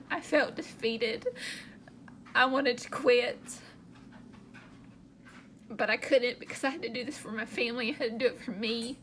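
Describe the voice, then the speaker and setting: Woman sales director for a personal vlog: slow, emotional, candid, repeats herself. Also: fairly high pitch, pushed and bright, slight background noise.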